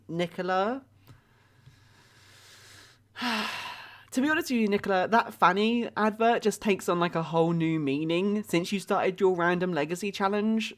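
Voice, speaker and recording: Chatty woman streamer. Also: on the low side. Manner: chatty and excitable, quick exclamations. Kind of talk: casual live-stream chat while playing.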